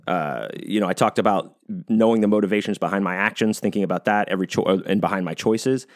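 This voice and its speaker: A man's voice: fairly low pitch, fast. A man hosting a podcast on his own, talking casually and rambling, with lots of swearing and fillers. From United States. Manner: rambling, profane, many fillers and restarts. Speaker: podcast host. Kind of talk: casual solo podcast monologue.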